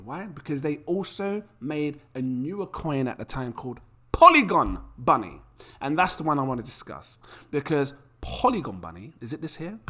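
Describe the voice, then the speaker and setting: Chatty male YouTuber, lively pitch, rhetorical and casual. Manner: animated, chatty, rhetorical questions. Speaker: crypto YouTuber. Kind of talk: casual to-camera talk.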